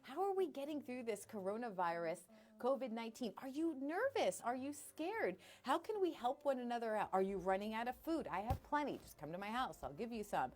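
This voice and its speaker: A woman's voice: on the high side, very animated, brisk, darkish tone. A middle-aged woman radio host chatting casually on a live stream from her studio, bubbly and self-deprecating.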